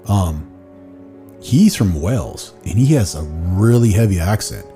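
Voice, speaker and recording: A man hosting a podcast, chatting in a relaxed way and telling stories, now and then swearing. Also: deep voice, unhurried, faint music behind. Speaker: podcast host. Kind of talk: casual podcast chat.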